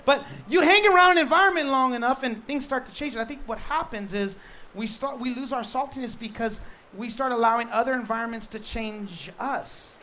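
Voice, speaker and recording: A male pastor preaching a sermon in a lively, joking way, stressing points with quick repeated restarts. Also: very high voice, a little hiss or hum.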